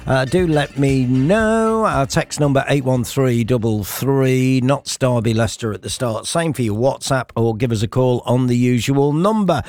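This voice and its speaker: A man's voice: mid-range voice, moderate pace, few pauses, darkish tone, no room sound. A man hosting a breakfast radio show in a studio, chatting in a playful, jokey way. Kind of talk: casual radio chat. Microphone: studio mic.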